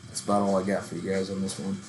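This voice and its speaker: A man's voice: low-pitched, flat delivery, very fast, music in the background. A man in his thirties ranting casually about metal bands, profane and rambling, calling himself a working-class hillbilly. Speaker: metal channel host. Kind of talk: casual rant.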